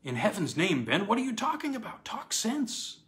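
A man's voice: on the high side, sing-song, measured pace, voice pushed up. A man reading aloud and voicing a shaken young lawyer who speaks in a tight, clipped voice. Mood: tense.

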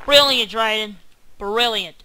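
A teenage boy commentating his game, quick to groan and yell when things go wrong. He talks at an unhurried, drawn-out pace. Loud noise hangs under the whole recording. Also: sits high. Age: teens. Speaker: gamer. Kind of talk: let's-play commentary.

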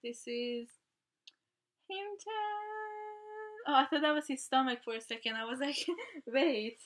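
A woman vlogging an album unboxing, gasping and gushing with excitement as she talks her way through it. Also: high voice, measured pace. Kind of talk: casual unboxing chat.

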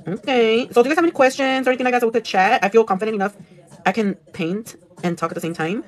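A woman's voice: a little high, racing. Chatty woman livestreaming her nail work. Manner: chatty, swears casually, mixes in Spanish, reads viewer comments aloud. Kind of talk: casual livestream chat while working. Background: music playing.

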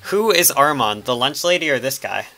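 Bright-voiced joking young man. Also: medium pitch, expressive, moderate pace. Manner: joking, self-mocking. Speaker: gamer doing a group voice-over. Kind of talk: casual gaming banter.

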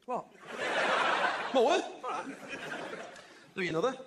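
A man doing stand-up comedy, boisterous and shouting punchlines to a live crowd. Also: extremely high pitch, very animated, measured pace, vocal fry, very noisy. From England. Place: large indoor venue before a live audience. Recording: echoey venue with loud crowd laughter.

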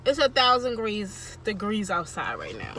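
A woman's voice: medium pitch, huge pitch swings, normal speed. A young woman, chatting casually to viewers in a vlog while sick and short of breath. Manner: chatty, addresses viewers as y'all. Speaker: vlogger. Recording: loud road noise in a car.

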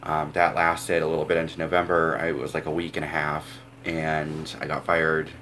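A young man with a very low voice tells a long personal story straight to camera. He wanders and restarts, leaning on "like" and "um", with a faint hum of room noise underneath. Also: completely flat delivery, moderate pace, sharp tone. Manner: rambling, filler-heavy, says "like" a lot. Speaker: vlogger. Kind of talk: casual storytelling vlog.

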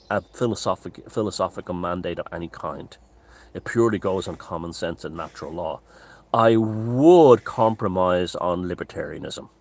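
A man with a deep, low-pitched voice talks straight to his audience in a loose, unscripted monologue. He is opinionated and discursive, circling back to restate his points. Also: gravelly. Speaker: author and commentator hosting his own channel.

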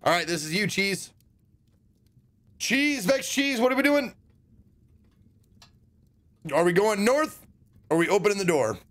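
A man's voice: high voice, big pitch swings, normal speed, pauses often. A man streaming an adventure game, commenting casually and thinking aloud with hesitant restarts.

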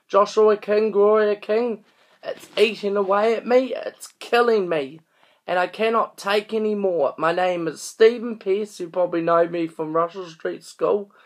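A man, upset and pleading in a personal video appeal. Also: high-pitched. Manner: distressed, pleading.

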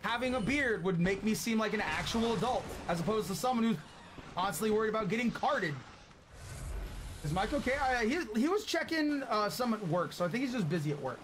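A man in his late twenties, chatting casually and profanely with his live-stream audience while he plays a game, loud one moment and soft and thankful the next. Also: sits high, fairly quick, background noise. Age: late 20s. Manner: excitable and profane, swinging between loud outbursts and soft thanks.

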